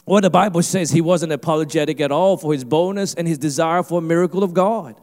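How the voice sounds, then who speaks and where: A male pastor preaching a sermon, animated and emphatic, with a conversational delivery. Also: a little high, quick pace, few pauses, big-room sound. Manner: animated, rising to emphatic preaching with mimicked asides.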